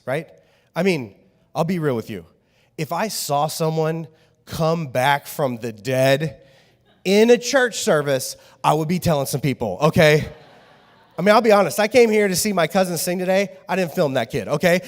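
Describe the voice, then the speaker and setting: A man preaching a sermon as pastor, telling jokes and stories in an animated, lively way. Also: high-pitched, fairly quick. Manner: animated, joking storyteller. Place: church hall. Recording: church hall reverb.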